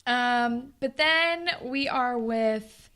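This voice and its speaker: A young woman co-hosts a podcast in easy, casual chat. She sits a bit high in her range, with a bright and forceful tone, and she swears offhandedly as she runs through the plot. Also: drawn-out words, clear, resonant tone. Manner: recaps the plot and acts out the characters' lines, swears casually. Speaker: podcast co-host.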